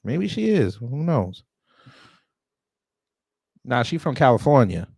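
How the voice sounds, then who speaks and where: A man's voice: medium pitch, very animated, takes it slowly, gravelly, darkish tone, dry recording. Blunt man reacting with dry close sound. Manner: blunt, exclaiming, repeats phrases for emphasis. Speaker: host commenting on a court hearing. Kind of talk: casual reaction commentary.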